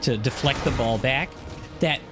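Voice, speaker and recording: A man co-hosting a casual gaming podcast stream, telling ideas in a rambling, animated way. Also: medium pitch, normal speed, music in the background. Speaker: podcast co-host.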